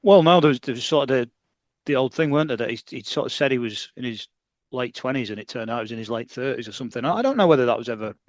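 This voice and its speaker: A man's voice: mid-range voice, animated, racing, no room sound, dull audio. A British man co-hosting a podcast, chatting casually and chipping in with jokes. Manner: jokey, chipping in with quips. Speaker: podcast co-host. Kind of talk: casual chat.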